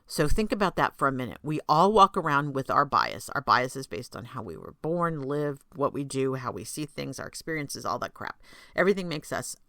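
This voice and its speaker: A woman's voice: rumbling low, very animated, fairly quick, gravelly, sharp tone, no room sound, studio quality. A woman hosting her own podcast, talking in a chatty, candid monologue with self-deprecating asides. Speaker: podcast host. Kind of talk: casual monologue.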